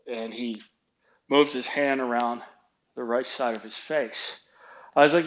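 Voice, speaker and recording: A man's voice: mid-range voice, a little slow. Blunt sarcastic middle-aged man ranting. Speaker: storyteller ranting about his job. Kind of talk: casual spoken rant. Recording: dull lo-fi recording.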